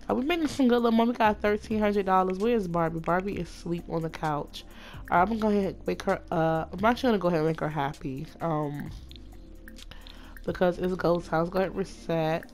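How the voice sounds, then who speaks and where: A woman giving casual, chatty commentary as she plays a life-simulation game, talking excitedly to her viewers. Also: on the low side. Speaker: let's play host.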